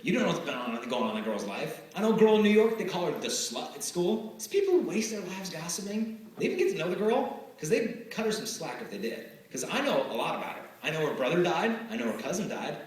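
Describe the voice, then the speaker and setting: A man's voice: a little high, fast, few pauses. A male speaker giving a live motivational talk to students, telling stories and acting out the exchanges in them. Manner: lively storytelling, acting out quoted exchanges. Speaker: chastity speaker at schools. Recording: echoey hall, far from the mic.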